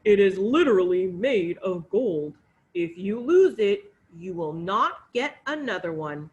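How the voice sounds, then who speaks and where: A woman's voice: mid-range voice, animated, measured pace, dull audio, lightly acted. A woman playing a stern storybook king. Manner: firm, warning.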